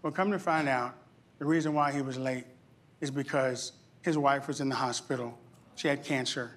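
A man's voice: mid-range voice, moderate pace, slight background noise. A middle-aged male pastor preaching a sermon, telling a story with humor and acting out what people said. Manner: animated storyteller, jokes and acts out quotes.

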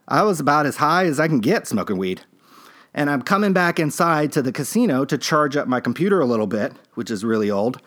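A man hosting a podcast, telling a story in a rambling, laid-back way with many fillers and restarts. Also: fairly high pitch. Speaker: podcast host. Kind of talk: casual storytelling monologue.

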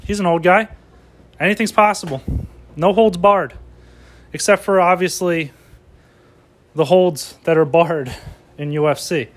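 A man ranting as a comedian, excitable and profane as he riffs. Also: high voice, unhurried, pauses often.

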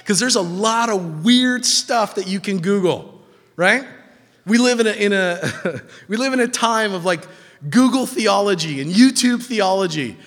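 A man with a high voice delivers a sermon in a hall with a long, ringing reverb. He drives his points home through repetition and emphasis, then drops into casual asides to the congregation. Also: lively intonation, a little slow, a bit bright. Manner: emphatic, repeating phrases for stress, with asides to the congregation. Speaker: preacher.

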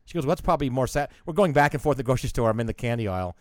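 A man's voice: medium pitch, expressive, rapid-fire, no echo, studio quality. A man co-hosting a podcast, telling a long rambling story and acting out the other people in it, with some swearing. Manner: rambling storyteller, swears, acts out quoted voices. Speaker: podcast co-host. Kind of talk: casual chat.

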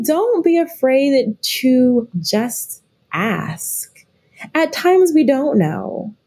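A woman's voice: fairly high pitch, dark tone, husky. A middle-aged woman speaking as a guest expert in a podcast interview, reflective and often restarting her sentences. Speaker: guest expert, leadership consultant.

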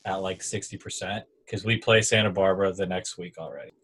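Young man telling an animated sports story. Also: sits low, fairly quick, slight background noise. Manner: animated storyteller, acts out quotes. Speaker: former volleyball player. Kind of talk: casual storytelling chat.

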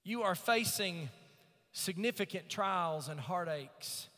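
A man preaching from the pulpit, his voice high and bright, cutting through. He reads scripture slowly and climbs into loud, emphatic swells. Long reverb from the church sanctuary hangs behind him. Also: expressive. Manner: preaching with rising emphatic swells and slow drawn-out scripture reading. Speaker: pastor. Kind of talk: sermon.

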